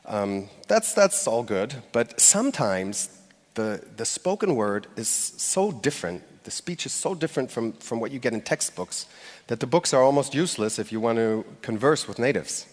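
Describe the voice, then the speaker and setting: A man at a mid-range pitch gives a live talk from a stage in a large hall, and his voice rings with long reverb. He speaks conversationally, stumbling through fillers and restarts, and acts out short quoted phrases with light laughs. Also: sing-song, moderate pace. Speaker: conference speaker.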